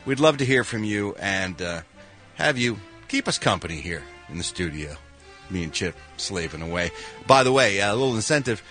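A male radio host from Philadelphia whose pitch swings widely as he talks. He reads entertainment news with a bright, forceful edge, jokey and animated, over faint music. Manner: animated, jokey, with quick sound-effect interjections. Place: radio studio.

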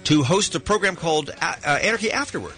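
A man's voice: on the high side, lively intonation, fast talker, pushed and bright, faint music behind. A man hosting a morning radio show, teasing his co-host in a playful, casual banter style.

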